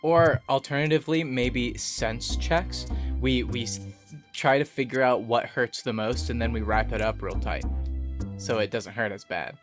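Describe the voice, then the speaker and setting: A woman's voice: rumbling low, moderate pace, over music. A woman playing a tabletop game, wry and easygoing. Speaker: player. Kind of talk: casual tabletop game chat.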